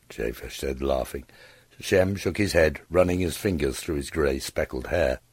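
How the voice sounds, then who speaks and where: A man narrating an audiobook story in a steady, expressive way on a close studio mic. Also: a bass voice, moderate pace, breathy edge, no echo. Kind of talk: scripted narration.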